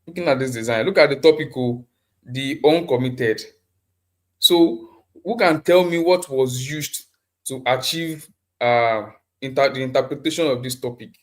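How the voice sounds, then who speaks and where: A man's voice: mid-range voice, a little slow. A man teaching a live online design class over a computer mic, often repeating himself and asking the class questions. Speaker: design instructor.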